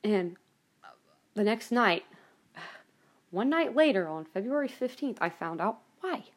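A woman's voice: medium pitch, expressive, unhurried. A woman hosting a personal monologue podcast, ranting angrily and swearing heavily, with many restarts and trailing asides. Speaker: podcast host.

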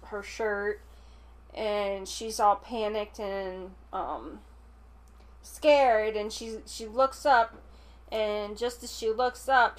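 Slow-talking woman recapping a film. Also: medium pitch. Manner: rambling, filler-heavy retelling. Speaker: podcast co-host. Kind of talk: casual chat recapping a film.

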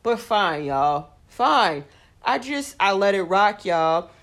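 A woman's voice: medium pitch, slow pace. Blunt, profane woman telling a story. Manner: blunt, profane, vents with heavy "like" fillers; acts out quoted people in animated voices. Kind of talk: casual storytelling chat.

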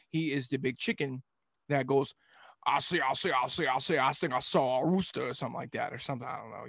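A man's voice: medium pitch, creaky, no room sound, studio quality. A young man co-hosting a casual sports talk show, joking and slipping into silly impressions.

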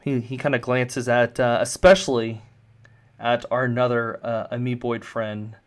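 A man's voice: medium pitch, flat delivery, normal speed. A man narrating a tabletop game as game master, casual and full of fillers. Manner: casual, rambling with many fillers.

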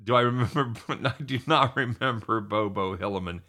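A middle-aged man hosting a sports talk show, excitable and chatty, often calling his co-host by name. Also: on the low side, normal speed.

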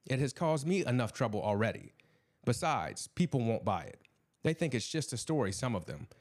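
A man voicing a weary, troubled middle-aged traveler who speaks low and gravely. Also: sing-song, moderate pace, a little mellow.

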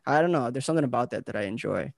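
Laid-back gravelly young male podcast host. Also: medium pitch, animated, rapid-fire, no room sound, clean studio sound. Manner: rambling, laid-back, lots of filler words and dudes. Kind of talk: casual podcast chat.

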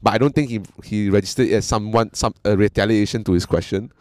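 A man in casual storytelling chat who is animated, swears freely and acts out the people he quotes. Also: on the low side, fast talker, dry recording.

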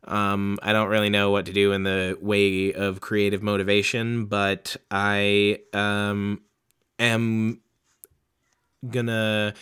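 Bright-voiced, chatty young man. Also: fairly low pitch, little pitch movement, takes it slowly, clear, resonant tone. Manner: chatty, profane, self-mocking. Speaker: podcast host reading books aloud. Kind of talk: casual rambling chat.

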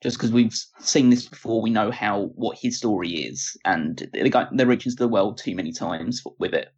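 A man talking casually as a podcast co-host, hesitant and restarting his sentences while giving measured opinions. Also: lowish voice, a little mellow, slightly rough. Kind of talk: casual wrestling chat. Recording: dull lo-fi sound.

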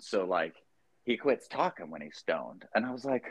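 A man's voice: low voice, expressive, moderate pace, no room sound. A man co-hosting a podcast, chatting casually and telling loose, profane stories with lots of fillers. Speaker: podcast co-host. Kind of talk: casual chat.

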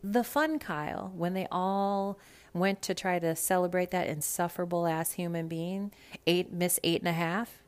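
A young woman with a slightly low voice gives a casual recap of reality TV. She talks bluntly and swears freely, with an animated, chatty delivery. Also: normal speed, clean tone. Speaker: podcast host.

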